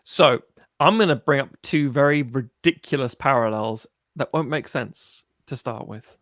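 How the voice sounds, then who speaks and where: A man in casual film chat, animated, swearing freely and mimicking people as he tells a story. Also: mid-range voice, unhurried, dry recording, studio quality. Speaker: podcast co-host.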